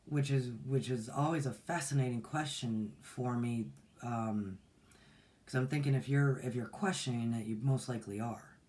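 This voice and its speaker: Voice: medium pitch, moderate pace, darkish tone. A meditation teacher in their forties hosting a casual livestream, talking in a folksy, rambling way with many restarts. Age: 40s. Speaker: meditation teacher and channel host.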